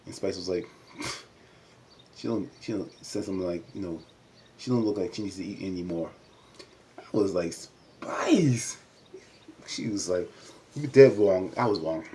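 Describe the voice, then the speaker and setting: A man giving a casual recap of a reality show episode, chatty and full of "you know" fillers, jumping up in pitch whenever he acts out what the cast said. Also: fairly even intonation, moderate pace, long pauses, dark tone, a little hiss or hum.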